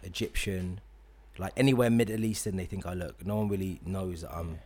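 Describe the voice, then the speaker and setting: Male podcast host, London accent, low-pitched, easygoing and rambling. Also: brisk. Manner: relaxed, rambling with many fillers. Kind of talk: casual podcast chat.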